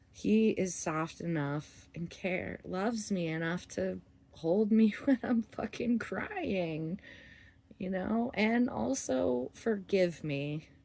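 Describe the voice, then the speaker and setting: A woman's voice: mid-range voice, creaky. A middle-aged woman in a candid, rambling monologue about relationships, swearing freely and laughing often. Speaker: vlogger.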